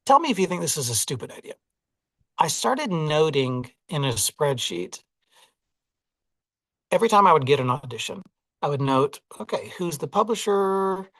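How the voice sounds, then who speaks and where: A man's voice: fairly high pitch, big pitch swings, moderate pace, pauses often, fairly bright tone, no echo. Thoughtful Southern man, dry close sound. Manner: reflective, self-deprecating, many "like" and "you know". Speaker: audiobook narrator, interview guest. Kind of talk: casual interview conversation.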